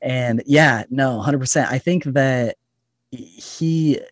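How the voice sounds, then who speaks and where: A man's voice: medium pitch, slow pace, dry recording. A man guesting on a podcast, chatting enthusiastically with frequent laughs. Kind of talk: casual podcast chat.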